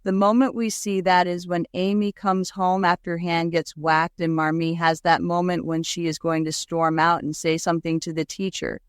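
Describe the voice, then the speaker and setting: A woman's voice: fairly low pitch, level tone, normal speed, few pauses, clear, resonant tone, no echo, clean studio sound. A woman co-hosting a podcast, talking through a film adaptation in a chatty, reflective way. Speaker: podcast co-host. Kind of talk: casual chat.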